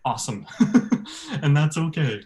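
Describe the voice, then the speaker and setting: A man, a bass-baritone voice teacher, leading an online workshop for choir singers, laughing often and demonstrating sounds. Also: sing-song, measured pace, darkish tone. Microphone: video call.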